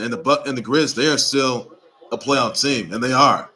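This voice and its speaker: A man's voice: mid-range voice, measured pace, pushed and bright, rough recording. A man hosting his own sports report, talking casually and rambling, repeating himself and urging teams on with emphatic exhortations. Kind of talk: casual sports news commentary.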